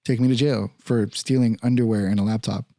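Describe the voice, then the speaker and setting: A man with a mid-range voice hosts a podcast, telling a story briskly in casual, profane talk. He's animated and acts out the lines of the people in it, and the recording is clean studio sound without room sound.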